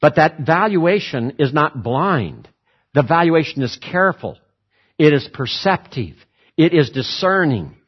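A man preaching a sermon, emphatic, repeating words for stress and switching between slow, weighty phrases and quick runs. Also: fairly high pitch, very animated, slightly rough, highs cut off. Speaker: pastor.

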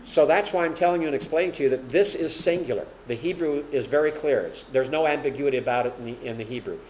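A man's voice: mid-range voice, fast. Man, Bible teacher, questioning the listeners, roomy reverb, faint background hum. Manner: asks the audience questions, explains patiently. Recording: echoey room with faint hum.

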